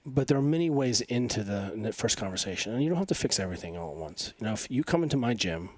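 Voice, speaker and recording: A man in his forties, stuffy from allergies, talking in an energetic, emphatic and rambling way as a podcast guest. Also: on the low side, quick pace, dry recording. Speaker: podcast guest, coach and physical therapist. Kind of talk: casual interview talk.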